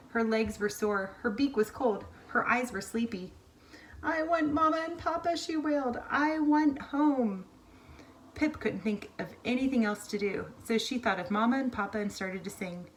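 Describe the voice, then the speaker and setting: A woman reading a picture book aloud to a child at home, gentle, stopping to ask questions. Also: a little high, moderate pace. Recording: faint noise, mic at a distance.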